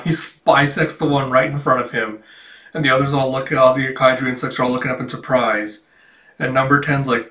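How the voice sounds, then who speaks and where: A man's voice: medium pitch, level tone, sharp tone. Chuckling man reading manga in a roomy room. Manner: chuckling, filler-heavy, quick to quote the dialogue. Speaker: manga chapter reviewer. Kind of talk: casual read-through with commentary. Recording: roomy, a bit distant from mic.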